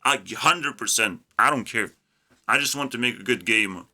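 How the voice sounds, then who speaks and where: A man's voice: mid-range voice, moderate pace, bright, forceful tone. A man ranting casually about a card game, mocking and profane, breaking into laughter. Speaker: YouTube gaming creator. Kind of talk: casual ranting commentary while designing cards.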